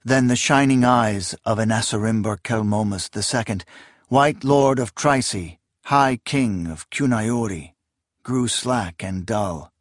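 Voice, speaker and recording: A man giving scripted audiobook narration in a measured, even storytelling manner. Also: on the low side, dry recording, clean studio sound.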